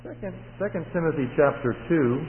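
A middle-aged man preaching a sermon, his voice going hoarse, rising in force for emphasis with earnest asides. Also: lively intonation, normal speed, long reverb tail, slight background noise. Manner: builds in volume and pitch for emphasis, with earnest asides. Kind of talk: sermon at a retreat. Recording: tinny phone-like old recording.

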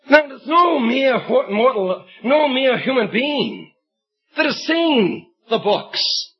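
A man preaching a sermon, telling an illustrative story and reading scripture with emphatic storytelling and bursts of shouted emphasis, on a dull lo-fi recording. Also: extremely high pitch, expressive, takes it slowly, breathy edge.

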